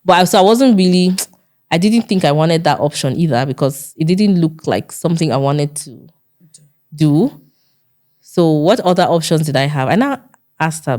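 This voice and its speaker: A woman's voice: low voice, expressive, normal speed, dark tone. A woman with a Nigerian accent, a guest earnestly recounting a personal story in an interview and acting out the dialogue she quotes.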